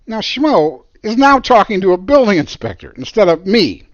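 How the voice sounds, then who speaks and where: Animated male storyteller, expressive pitch. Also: moderate pace, no echo, dull audio. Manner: animated, emphatic. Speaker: architect. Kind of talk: storytelling monologue.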